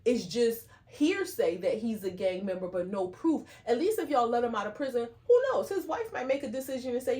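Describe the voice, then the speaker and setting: Higher-voiced woman arguing a point casually. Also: lively intonation, normal speed, darkish tone. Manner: earnest, builds hypotheticals. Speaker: podcast co-host. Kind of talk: casual chat.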